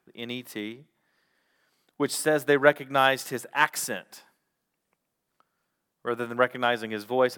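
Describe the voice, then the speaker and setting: A pastor preaching a sermon, teaching through a Bible passage with measured pauses. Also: male voice, mid-range voice, fairly bright tone, clear, resonant tone.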